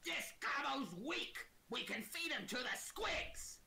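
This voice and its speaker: A man voicing small, cocky goblin warriors in a squeaky, high, drawn-out voice. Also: animated, vocal fry, bright, forceful tone, a little hiss or hum, full character voice. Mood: gleeful.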